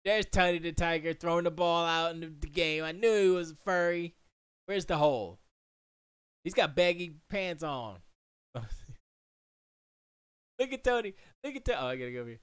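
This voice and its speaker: A man's voice: sits high, expressive, moderate pace, a bit bright, smooth, no room sound. A man hosting a casual livestream from his home studio, joking and riffing and slipping into silly quoted voices. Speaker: livestream host.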